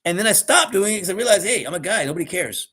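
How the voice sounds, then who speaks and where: A man's voice: high-pitched, lively intonation, fast, a bit bright, slightly rough. Blunt, profane man ranting. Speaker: podcast host. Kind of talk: casual ranting monologue. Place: live podcast recording.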